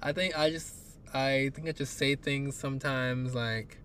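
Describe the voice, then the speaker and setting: A man co-hosting a podcast in casual chat, playful and quick to laugh, often trailing off mid-sentence. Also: medium pitch, steady tone, fairly bright tone, slight background noise. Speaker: podcast co-host.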